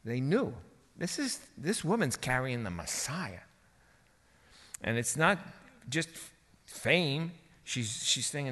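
A man preaching a sermon in a lively, colloquial way, swinging from quiet asides to excited shouting. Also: mid-range voice, slow pace, pauses often, in a large hall.

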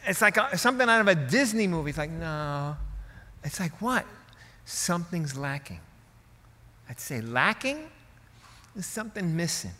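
A man preaches with a slightly raised pitch, his voice carrying long reverb through a large church hall. He delivers the sermon dramatically and emphatically, dropping to hushed asides and then swelling to booming emphasis. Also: animated, brisk. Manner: dramatic, emphatic preaching with wide swings in loudness. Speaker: pastor.

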